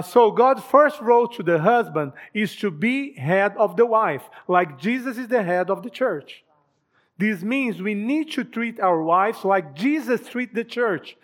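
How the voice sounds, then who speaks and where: A man giving a church talk on marriage, addressing husbands directly with questions. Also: high voice. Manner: direct, asks the men questions. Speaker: marriage ministry speaker.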